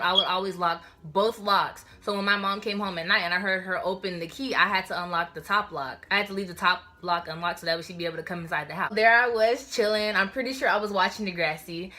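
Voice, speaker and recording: Animated young woman telling a storytime vlog. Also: mid-range voice, quick pace, hardly any pauses. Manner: animated, slangy, addresses viewers as y'all. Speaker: vlogger.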